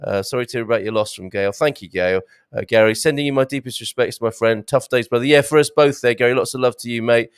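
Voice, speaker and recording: A man's voice: medium pitch, fast, smooth, no echo. A man hosting a live stream, chatting through viewer comments with friendly banter and stumbling restarts.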